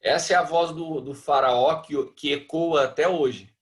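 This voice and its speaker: A man's voice: a little high, fairly even intonation, moderate pace. A man, teaching a church marriage class in a conversational way over a video call. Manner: conversational, acts out a selfish husband.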